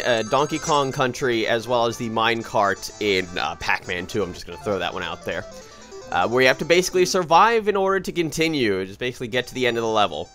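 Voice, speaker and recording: A man talks his way through a retro video game, his pitch jumping lively up and down as he rambles and corrects himself. Excited yelps break into the chatter, and faint game music plays under his voice. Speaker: let's play host. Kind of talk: gameplay commentary.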